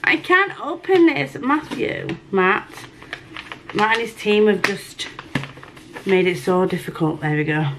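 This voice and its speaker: Woman book vlogger, casual unboxing chat; excitable, gushing, swears freely, average pitch. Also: measured pace, noisy background. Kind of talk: casual unboxing and reading vlog.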